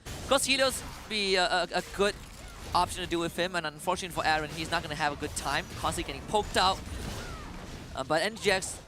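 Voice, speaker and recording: Male co-caster, slightly high voice, analytical delivery, music clearly audible behind. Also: fast talker. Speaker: esports caster. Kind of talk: live esports commentary.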